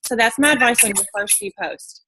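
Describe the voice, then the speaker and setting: A woman's voice: on the high side, brisk, pushed and bright, a little hiss or hum. A woman giving a casual, bubbly sales training talk to her team, chatty with frequent ums. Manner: bubbly, chatty, many fillers. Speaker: network marketing team leader.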